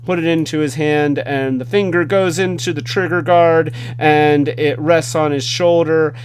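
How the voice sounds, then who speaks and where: Man hosting a toy review, slightly high voice, unhurried delivery, faint hum underneath. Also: steady tone. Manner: enthusiastic, rambling with fillers and restarts. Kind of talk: casual hands-on product review.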